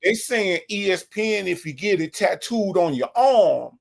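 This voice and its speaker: A man's voice: high voice, expressive, a little slow, vocal fry. A man hosting a casual commentary show, mocking and often restarting his sentences. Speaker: show host.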